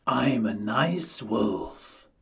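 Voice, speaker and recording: A man reading a storybook aloud and voicing a hungry, scheming male wolf in a low, gruff growl. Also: animated, drawn-out words, distant mic, exaggerated voice. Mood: wheedling.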